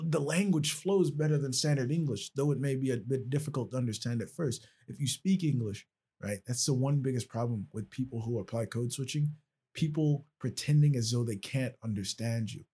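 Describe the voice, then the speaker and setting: A man's voice: mid-range voice, normal speed, dark tone, breathy edge. A male podcast host talking casually and explaining at length, checking in often with "right?". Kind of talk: casual conversational podcast talk.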